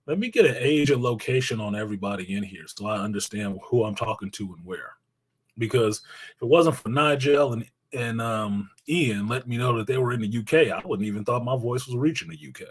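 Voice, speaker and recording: A man hosts a live stream, chatting loosely with viewers, joking, reading out their messages and swearing freely in slangy language. His mid-range voice has a breathy edge and a moderate pace, and the audio is poor.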